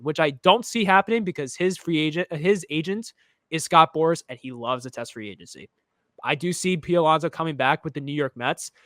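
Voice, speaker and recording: A man's voice: a little high, fairly bright tone, dry recording, studio quality. A young man from the United States co-hosting a casual sports chat, opinionated and rambling, often restarting his sentences. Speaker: podcast co-host.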